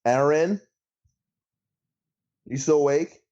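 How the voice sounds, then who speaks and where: A man's voice: on the high side, takes it slowly, mellow. A man co-hosting a podcast in casual chat, rambling, laughing and restarting his sentences, recorded over a remote call. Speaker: podcast co-host. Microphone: remote call mic. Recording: lo-fi online call audio.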